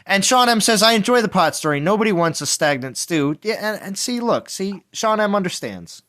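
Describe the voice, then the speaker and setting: A man's voice: high voice, lively intonation, brisk, fairly bright tone. Laughing American man hosting a stream. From United States. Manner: laughing, reads chat aloud. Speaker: streamer host. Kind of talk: casual stream chat.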